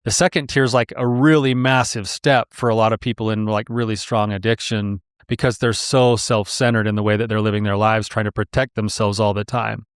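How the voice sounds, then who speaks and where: A man appearing as a therapist guest on a podcast, telling stories in an animated way and acting out what others said. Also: fairly low pitch, fairly quick, hardly any pauses, clear, resonant tone, no echo, clean studio sound. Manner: animated storyteller who acts out quotes. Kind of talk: casual conversational interview.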